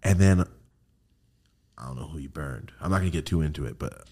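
A man's voice: a bass voice, fairly quick, dark tone. A man hosting a podcast, telling a story with lots of swearing and acted-out quotes. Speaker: podcast host. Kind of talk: casual storytelling chat.

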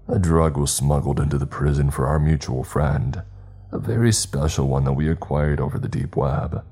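A gravelly criminal on the phone, cold and unhurried, laying out his orders with menace, as a narrator puts him on. The voice sits extremely low and dark, with faint music behind it. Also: exaggerated voice.

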